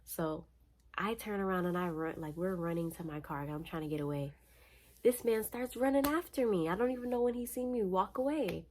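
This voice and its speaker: A young woman from Florida, tired, telling a personal story in a casual, animated, slangy way. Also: fairly low pitch, fairly quick. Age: young adult. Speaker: vlogger.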